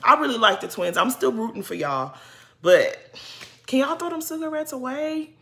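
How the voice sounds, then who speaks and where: Young woman, casual reaction vlogger, animated and exasperated, bright forceful voice, higher pitch. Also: moderate pace. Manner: animated, exasperated, talks straight to the people she discusses. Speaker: reality TV commentator.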